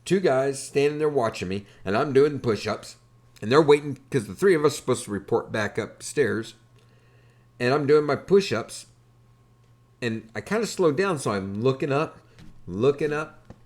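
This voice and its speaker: A man hosting a podcast, telling a wry, animated story in a casual way. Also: mid-range voice, moderate pace. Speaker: podcast host.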